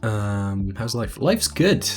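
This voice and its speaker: Young man, lowish voice, earnest, rambling, stumbles and repeats words, casual panel talk from home, faint music behind. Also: big pitch swings, takes it slowly. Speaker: convention panelist and video editor. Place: room at home with posters up.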